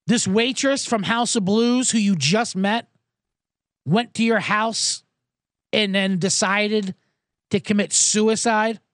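A male podcast host with a high, fairly bright voice speaks slowly, telling a profane, sarcastic comic story and acting out the people in it. The recording is dry and studio quality.

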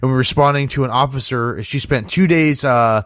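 A man's voice: medium pitch, normal speed, fairly bright tone, dry recording, clean studio sound. A man hosting a show, giving casual comedic news commentary in a sarcastic, profane, storytelling way. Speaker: show host.

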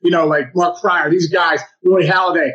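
Male co-host, high-pitched, eager, restarts often, dull lo-fi sound. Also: steady tone, moderate pace, fairly bright tone. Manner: enthusiastic, stumbling restarts. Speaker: podcast co-host and baseball coach. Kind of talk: casual podcast chat.

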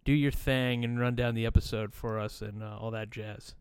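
A man hosting a podcast over a video call, chatting casually, swearing freely and halting with fillers. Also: mid-range voice, fairly even intonation, clear, resonant tone, no echo. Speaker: podcast host.

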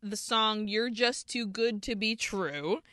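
Taking it slowly, a woman with a bright, forceful mid-range voice retells a movie scene by scene as a podcast co-host, laughing when emotions rise in the casual recap. Clean studio sound, no room sound.

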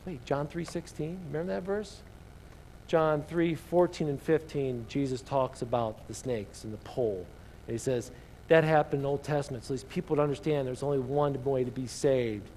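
A man's voice: mid-range voice, steady tone, moderate pace, a little mellow, slight background noise. A male pastor preaching a sermon, reading scripture aloud and asking his congregation questions.

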